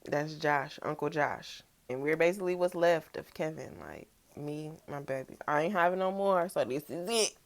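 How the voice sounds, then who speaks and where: Soft-spoken young woman with gravelly voice. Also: deep voice, moderate pace, hardly any pauses. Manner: soft-spoken, reflective, casual slang. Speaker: vlogger. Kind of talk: personal reflective vlog talk.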